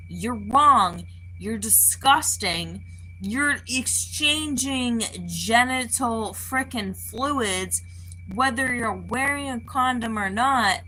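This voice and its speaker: Woman, vlogger, unscripted profane rant, slow delivery, bright edgy tone, lots of "like" fillers. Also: fairly high pitch, expressive, slight background noise, low-quality recording. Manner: profane, heated, full of "like" fillers. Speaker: spiritual advisor.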